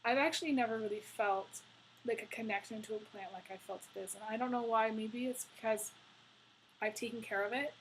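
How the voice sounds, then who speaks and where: A woman's voice: on the high side, steady tone, fairly quick, slight background noise, rough recording. A woman giving a tarot reading to camera, talking in a rambling, effusive way with many fillers. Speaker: tarot reader.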